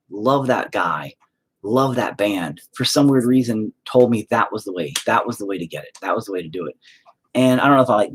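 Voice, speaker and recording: A man's voice: lowish voice, slightly rough. A man hosting a podcast and talking candidly in a loose, rambling way, swearing often and leaning on "you know" fillers. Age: adult with children. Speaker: podcast host and band vocalist. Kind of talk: casual confessional chat.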